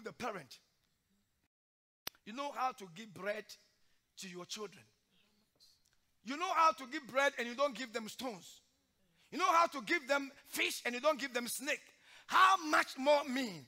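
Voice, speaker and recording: A male pastor preaching a sermon in church, swinging from loud, forceful exhortation to hushed, emotional storytelling. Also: very high-pitched, lively intonation. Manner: sings hymn lines slowly during the sermon.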